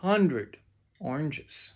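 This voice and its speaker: A man reading a children's storybook aloud with expressive, drawn-out delivery. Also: on the high side, slight background noise.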